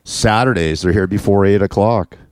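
A man's voice: lowish voice, normal speed, no echo, studio quality. A man hosting his own show, ranting in a crude, sarcastic and mocking way. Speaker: show host. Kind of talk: ranting monologue.

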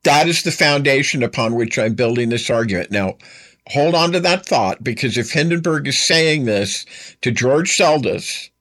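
A man's voice: medium pitch, animated, normal speed, a bit bright. A man giving a storytelling history lecture. He talks to the listener directly and repeats his key points for emphasis.

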